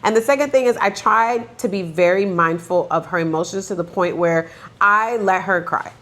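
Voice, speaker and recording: A woman co-hosting a relaxed podcast, talking about raising her two young daughters. She tells stories in an animated, loose way, full of "like" and quick asides, in an ordinary mid-range voice. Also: medium pitch. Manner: animated storyteller, heavy use of "like". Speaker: podcast co-host. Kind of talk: casual podcast chat.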